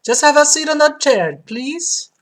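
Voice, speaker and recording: A woman voicing a smug, teasing male barber with a put-on Italian accent, high and sing-song. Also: expressive, a little slow, fairly bright tone. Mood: cheeky.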